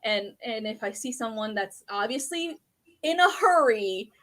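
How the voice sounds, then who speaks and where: A woman's voice: on the high side, animated, unhurried, fairly bright tone. A woman guest in a casual podcast chat, telling stories animatedly, laughing a lot and swearing freely.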